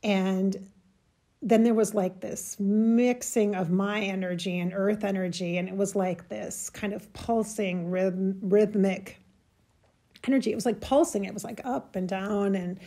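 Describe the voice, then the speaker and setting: A woman telling a personal spiritual story in a halting, emotional way, searching for words and getting choked up. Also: medium pitch, steady tone, dark tone. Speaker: spiritual channel host.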